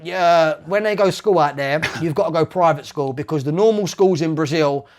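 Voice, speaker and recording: A man's voice: a little high, normal speed, darkish tone. A man in his thirties with an East London accent, talking at length as an interview guest in a casual, heartfelt, rambling way and filling his speech with "like", "man" and "mate". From East London, England.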